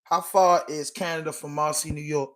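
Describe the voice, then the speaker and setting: Male podcast host, loose and emphatic, with a sharp, somewhat high voice. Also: level tone, normal speed, poor audio. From Baltimore. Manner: loose, emphatic, peppered with "you know what I'm saying". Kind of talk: casual livestream chat.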